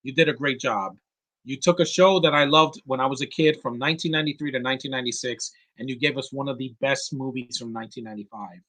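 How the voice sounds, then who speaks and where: A man in his thirties, near tears, giving an earnest and halting live commentary as host of his own stream. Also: mid-range voice, fairly even intonation, pushed and bright. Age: 30s.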